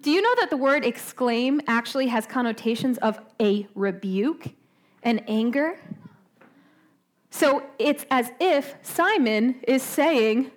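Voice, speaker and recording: Woman preacher, high voice, chatty sermon, lots of "right?" and questions to the crowd. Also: animated. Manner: conversational, asks the audience questions, often adds "right?"; slows down for emphasis.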